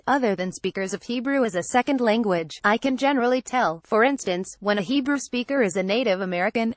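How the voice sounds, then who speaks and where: A woman's voice: medium pitch, dry recording. Woman reading an article, dry studio. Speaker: reader.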